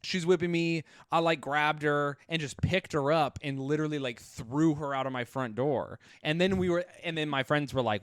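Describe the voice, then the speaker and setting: A man's voice: a little high, moderate pace, hardly any pauses, clean tone, dry recording, studio quality. A young man co-hosting a podcast, telling a story in casual chat. He swears a lot and acts out the people he quotes in raised voices. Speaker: podcast co-host.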